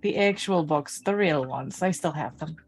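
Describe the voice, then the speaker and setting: A woman's voice: low-pitched, normal speed, breathy edge. A woman speaks in character during a tabletop role-play session. Her delivery is blunt and flippant. Faint music plays behind her.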